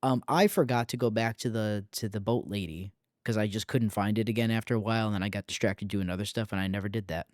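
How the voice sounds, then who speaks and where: Low-voiced guy rambling on a podcast, lots of ums, dry sound. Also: fairly even intonation, fast talker, a little mellow, no room sound. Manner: rambling, with many filler sounds. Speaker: podcast co-host. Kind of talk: casual chat.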